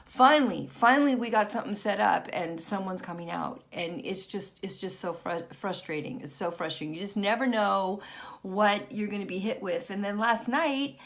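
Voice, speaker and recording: Frazzled middle-aged woman, halting speech. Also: medium pitch, a bit bright. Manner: frazzled, halting, many restarts. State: worn out and frustrated. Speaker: vlogger and author. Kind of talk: casual personal vlog.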